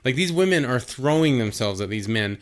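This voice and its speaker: Male podcast co-host, mid-pitched, casual, quick to laugh, swears freely. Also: animated. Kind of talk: casual chat.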